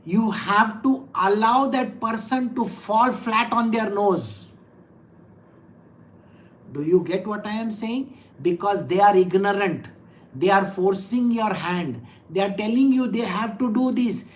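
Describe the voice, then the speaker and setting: A woman gives a spiritual discourse on scripture at a mid pitch. She talks straight to her listeners and keeps asking them questions. When she reads a verse she slows down and stresses each phrase. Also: low-quality recording. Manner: direct, questioning the audience. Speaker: spiritual teacher.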